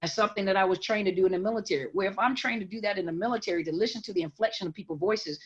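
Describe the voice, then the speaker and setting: A woman's voice: medium pitch, racing, slightly rough. A woman counselor giving emphatic explanations in an interview, often repeating words as she builds her point. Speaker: guest counselor. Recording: dull lo-fi audio.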